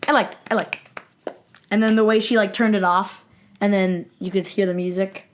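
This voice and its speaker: A woman co-hosting a podcast in casual chat, often laughing and chipping in with quick agreement. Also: mid-range voice, fairly even intonation, slight background noise. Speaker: podcast co-host.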